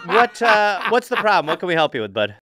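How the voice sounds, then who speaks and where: A man co-hosting a comedic advice podcast, talking in a lively, teasing way. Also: high voice, fast, no room sound. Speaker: podcast co-host. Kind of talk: casual comedic advice chat.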